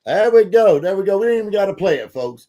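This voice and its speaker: A man hosting a podcast in casual, folksy chat, full of fillers and bursts of excitement. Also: high voice, quick pace. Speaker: podcast host.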